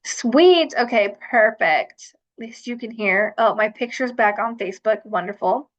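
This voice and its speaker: A woman's voice: on the high side, measured pace, dull audio. A woman hosting a self-love livestream, chatting casually with lots of fillers and restarts. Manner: chatty, rambling, with many fillers.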